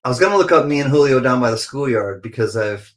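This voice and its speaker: A man's voice: medium pitch, animated, quick pace. A man hosting a casual livestream, chatting playfully with viewers, greeting them by name and laughing often. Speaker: livestream host.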